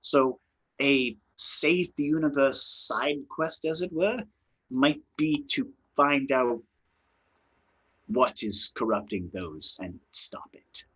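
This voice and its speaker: A man narrating as game master of a tabletop game, explaining calmly and trailing off at times. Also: medium pitch, husky, low-quality recording. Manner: unhurried, explains in plain terms, trails off at times.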